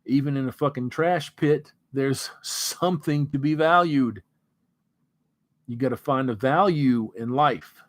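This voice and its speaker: A man hosting a casual livestream, reading out viewer comments in a relaxed, rambling way before sliding into an earnest pep talk. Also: medium pitch, measured pace, no echo, clean studio sound. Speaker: livestream host.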